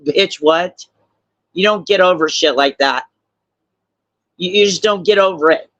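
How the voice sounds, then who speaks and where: A man's voice: high voice, unhurried, pauses often, a bit bright, dry recording. Give me an older man, blunt and heartfelt, over dull, dry lo-fi call audio. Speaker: guest on a live stream. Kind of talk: emotional live stream discussion.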